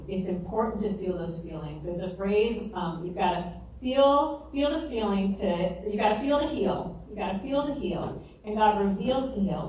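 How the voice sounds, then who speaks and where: A woman's voice: lowish voice, darkish tone. A middle-aged woman giving an earnest, emotional faith testimony to a mothers' group. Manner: earnest and emotional, acting out her own cries. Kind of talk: testimony sermon. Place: large echoey room. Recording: roomy hall, voice from far off, faint noise.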